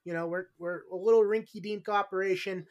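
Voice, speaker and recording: A man's voice: high-pitched, steady tone, a little fast, darkish tone. A man hosting a casual sports podcast, joking and rambling as he chats into his own microphone. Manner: jokey, rambling. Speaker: podcast host.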